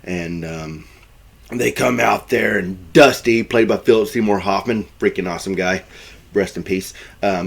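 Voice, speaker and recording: A man's voice: deep voice, moderate pace, vocal fry, breathy edge. A man casually retelling a film plot, rambling with many fillers and restarts. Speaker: film reviewer.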